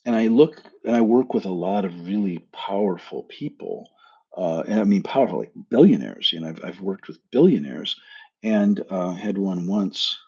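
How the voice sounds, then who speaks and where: Gravelly low-voiced man, frank coach. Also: lively intonation, normal speed, dark tone. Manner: frank, blunt, swears casually. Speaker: spiritual coach hosting a live stream. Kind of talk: casual live-stream talk with anecdotes. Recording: dull lo-fi sound.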